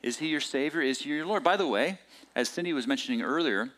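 A middle-aged man preaching a sermon, his pitch rising and falling in a lively, animated way. He talks like he's telling a story to friends, with plenty of restarts and filler words. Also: fast talker. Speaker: pastor.

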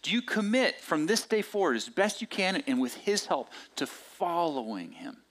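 A middle-aged man preaching a sermon, his pitch rising and falling in a lively, animated way. He talks like he's telling a story to friends, with plenty of restarts and filler words. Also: normal speed. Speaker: pastor.

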